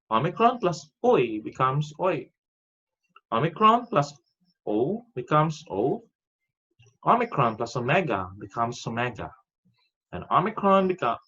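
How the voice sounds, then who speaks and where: Methodical male teacher, lively pitch. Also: husky. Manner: methodical, reciting rules step by step. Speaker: Greek teacher. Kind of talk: recorded online lecture. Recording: dull lo-fi audio.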